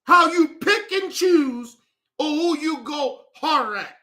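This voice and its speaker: A man with a very high, bright voice rants through a reaction stream, swinging his pitch widely as he talks in disbelief and swears freely. He speaks slowly and lets the outrage sink in. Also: expressive. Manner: incredulous, profane ranting. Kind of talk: reaction commentary.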